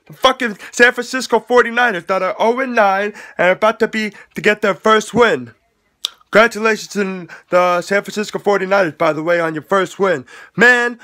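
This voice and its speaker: A man ranting at rival sports fans in a home vlog, swearing a lot, mocking them and breaking into loud laughter. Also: high-pitched. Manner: profane, mocking, laughing loudly. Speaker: vlogger. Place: at home with the game on TV. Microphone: facing the camera.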